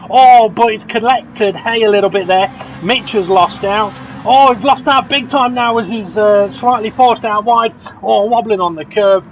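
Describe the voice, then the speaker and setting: A man commentating a sim race, excitable, laughing often and jumping up at crashes. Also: high-pitched, moderate pace, soft background music. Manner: excitable, laughs often, rises sharply at incidents. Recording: dull lo-fi audio with clear background noise.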